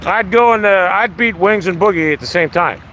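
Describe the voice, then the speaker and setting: High-voiced man ranting on a live stream. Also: a little fast, fairly bright tone, a little hiss or hum. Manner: profane, ranting. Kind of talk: casual live-stream chat. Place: outdoors.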